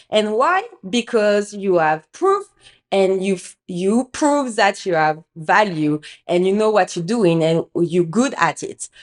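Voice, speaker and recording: A French-accented woman from France, hosting a podcast and telling business stories with a candid, emphatic manner. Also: medium pitch. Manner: candid, emphatic, swears freely, acts out quotes. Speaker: podcast host. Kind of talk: casual business storytelling.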